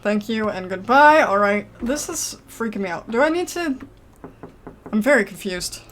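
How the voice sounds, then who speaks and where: A woman's voice: mid-range voice, lively intonation, normal speed, a bit bright, a little hiss or hum. A woman giving casual gameplay commentary, chatty and self-mocking, reading game text aloud and reacting with exasperated outbursts. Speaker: let's play gamer.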